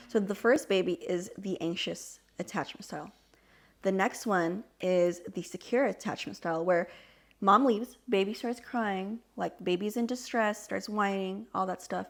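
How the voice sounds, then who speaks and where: A young woman co-hosts a casual podcast and walks her guests through an idea at length. She sounds animated and chatty, with plenty of "like" and "um" as she goes. Her voice sits at an ordinary middle pitch for a woman. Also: normal speed. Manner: explains at length, animated, many fillers. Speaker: podcast co-host. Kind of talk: casual chat.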